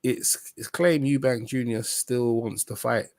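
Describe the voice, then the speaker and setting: A man hosting a boxing live stream in casual chat, excitable and repeating himself often. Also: medium pitch, a little slow, dry recording, studio quality. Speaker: boxing livestream host.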